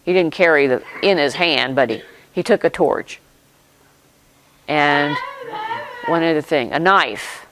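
Slow, deliberate preacher in short phrases. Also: medium pitch, a bit bright, slight background noise, poor audio. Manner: explains and reflects aloud. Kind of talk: sermon retelling a scripture story.

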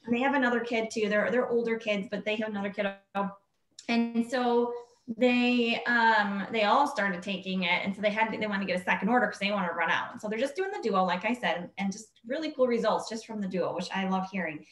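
A woman telling a story casually to a group, acting out what people said in a higher voice. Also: fairly quick, a bit bright, reverberant, poor audio. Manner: chatty, acts out quoted speech in a higher voice. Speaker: team member sharing a story.

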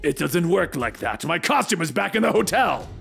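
A man's voice: a little high, very animated, normal speed, vocal fry, a bit bright, soft background music, heavily acted. A man doing a grumbling sour villain. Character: Vulture, sour older male villain.

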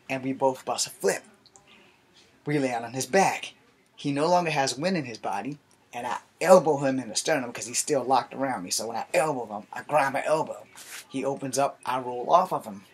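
A man telling a story from his youth in a casual live stream, animated and profane. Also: mid-range voice, moderate pace, husky.

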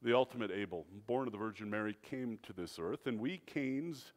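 A man preaching a sermon as pastor, dramatic, swinging between loud, emphatic phrases and hushed, low ones. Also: animated, moderate pace. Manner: dramatic preaching with wide swings in loudness and pitch. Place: church sanctuary. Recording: long church reverb.

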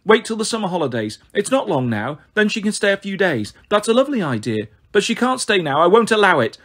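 A man's voice: high voice, very animated, fast, fairly bright tone, pitched above the performer's own voice, full character voice. A man voicing a distraught, unstable mother pleading on the phone, in an audiobook reading. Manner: pleading, emotional.

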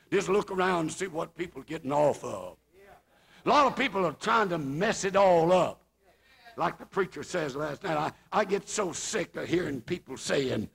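Older preacher, raised pitch, husky rasp; folksy revival sermon that climbs to shouting. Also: male voice.

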